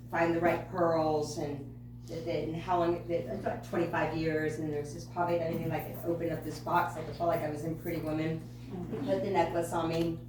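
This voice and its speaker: A woman telling a lively story to an audience, acting out the voices of the people in it and laughing often. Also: fairly low pitch, noisy background. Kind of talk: animated storytelling on stage. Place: event hall with live audience. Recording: echoey hall from far off with music.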